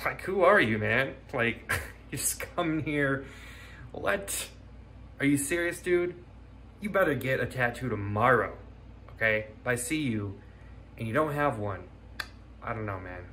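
A man's voice: mid-range voice, lively intonation, moderate pace, bright, forceful tone, a little hiss or hum. A young man rambling through a comic monologue outdoors, mumbling and trailing off into near-whispers, mocking himself. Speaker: comedy video creator. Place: outdoors on a hike.

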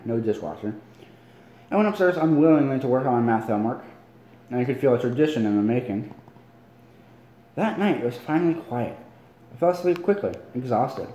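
A man's voice: medium pitch, mellow. A tired man reading a novel aloud casually at home, often stumbling and correcting himself. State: tired, yawning. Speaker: amateur reader. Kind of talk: casual read-along of a novel. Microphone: phone. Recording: echoey room.

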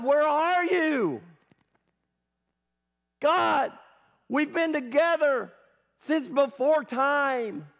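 A man's voice: extremely high pitch, pitched above the performer's own voice, heavily acted. A man preaching who voices an anguished grown man pleading in prayer, overwhelmed and strained. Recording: dull lo-fi sermon recording.

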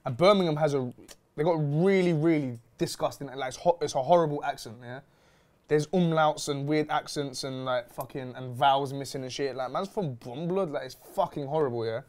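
A man's voice: on the high side, a little fast, darkish tone. A man hosting a chat show, brash and teasing, swearing freely. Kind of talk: casual chat.

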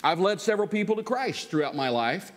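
A man's voice: high voice, a little fast. A man preaching a sermon, telling a story in a folksy way and acting out the voices of the people in it. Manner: folksy, animated, acts out quoted voices. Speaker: guest preacher. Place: large church sanctuary. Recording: church hall with long reverb.

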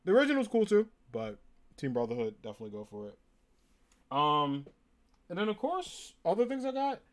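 A man's voice: high voice, sing-song, a little fast. Upbeat chatty man with a Jersey lilt. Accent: New Jersey. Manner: upbeat and chatty, many ums and likes. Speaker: live streamer showing a convention haul. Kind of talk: casual live-stream chat.

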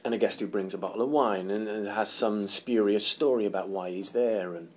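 An English man chats in a relaxed press interview and tells animated stories. His voice sits on the low side. Faint noise hums behind him. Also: a little fast. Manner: animated storyteller, laughs often, acts out quotes. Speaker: actor being interviewed.

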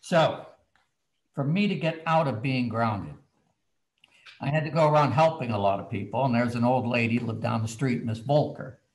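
A man, a children's book author, telling a story from his childhood in a casual, animated way. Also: medium pitch, moderate pace, poor audio.

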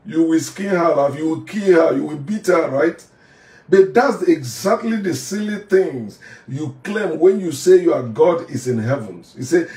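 A man's voice: fairly high pitch, measured pace, warm tone. A former pastor with a Nigerian accent delivering a heated, preachy monologue, hammering his points by repeating phrases. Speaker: former pastor turned online commentator. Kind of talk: heated monologue rant to camera. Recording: echoey room, voice from a distance off the mic.

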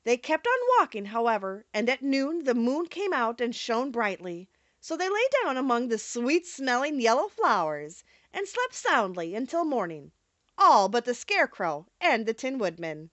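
A woman narrating a storybook audiobook in an expressive reading manner. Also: a little high, normal speed, no room sound, muffled recording.

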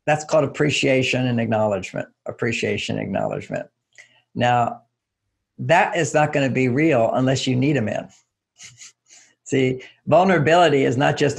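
In a casual interview, an older relationship author speaks at normal speed in an expressive, mid-range voice that's gravelly and slightly rough. He uses everyday examples to make his points, raising his voice to act out short quotes.

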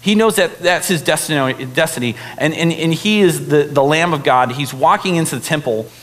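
A young man preaching a sermon in a casual, animated way, full of fillers like "right?" and "like". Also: fairly high pitch, moderate pace. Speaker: pastor. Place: church hall. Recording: long hall reverb.

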